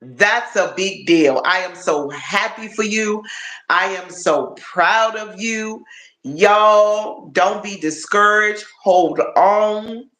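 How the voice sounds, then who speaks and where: A man's voice: high-pitched, slow, bright, forceful tone, echoey room. A man hosting a casual live stream, chatty and tired, repeating himself and calling his viewers y'all. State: tired and achy. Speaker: livestream host.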